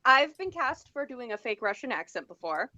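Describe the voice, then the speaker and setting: A woman voice actress speaking softly and a little hesitantly in a casual cast chat. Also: a little high, sing-song, moderate pace, no echo, dull audio. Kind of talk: casual group video chat. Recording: faint noise, slightly distant.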